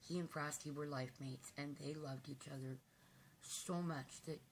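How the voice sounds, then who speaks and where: A woman with a low voice talks tearfully to her channel's viewers, halting often and filling pauses with ums. Her speech is emotional and unpolished, a casual vlog. A faint hiss sits under the recording. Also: fairly even intonation. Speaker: vlogger.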